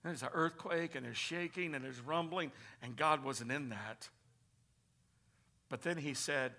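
A man preaching a sermon to a congregation in church, reading scripture and swinging from hushed whispers to shouted passages. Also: on the high side, moderate pace.

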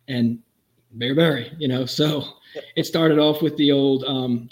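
A middle-aged former police officer tells brisk, vivid, wry anecdotes about the job during a conversation. His medium-pitched voice keeps a steady tone, though the recording quality is low.

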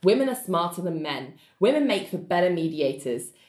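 Animated woman recapping, lively pitch, echoey room. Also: normal speed. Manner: animated retelling, acting out characters' lines with laughs. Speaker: podcast co-host recapping a TV episode. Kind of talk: casual chat.

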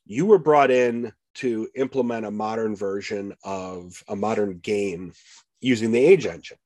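Halting Midwestern man hosting a podcast. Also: lowish voice, darkish tone, dry recording. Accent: American Midwest. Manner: halting, many fillers and restarts. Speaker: podcast host. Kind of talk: casual interview chat.

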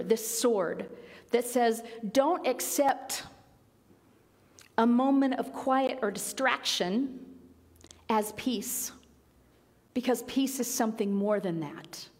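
A woman preacher giving a gentle, reflective sermon with emphatic repetition. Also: on the high side, slow. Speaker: pastor. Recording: long reverb of a large hall.

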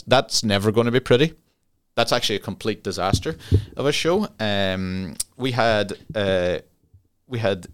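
A man's voice: low-pitched, fairly bright tone. A young Irish man hosting a podcast alone, rambling and swearing casually, often laughing at his own tangents. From Ireland. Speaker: podcast host. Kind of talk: casual solo podcast chat.

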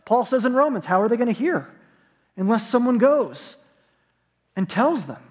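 High-voiced preacher in a reverberant hall. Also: male voice, big pitch swings, moderate pace. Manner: storytelling preacher, shifting between soft hushed moments and rising emphatic calls. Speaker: pastor. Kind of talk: sermon.

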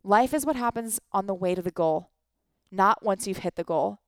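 Woman in her thirties, life coach, earnest motivational talk, rhetorical questions, smooth clear voice, dry close sound. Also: medium pitch, normal speed, no room sound. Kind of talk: motivational monologue.

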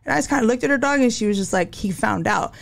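A woman's voice: a little high, lively intonation, fast, creaky. A young adult woman telling her life story as a podcast guest, candid and slangy, acting out quotes. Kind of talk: casual storytelling interview.

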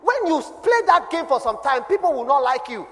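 A man with a Ghanaian accent preaching a sermon as a pastor, his voice dropping low and then swelling loud. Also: very animated, fairly quick. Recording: long hall reverb.

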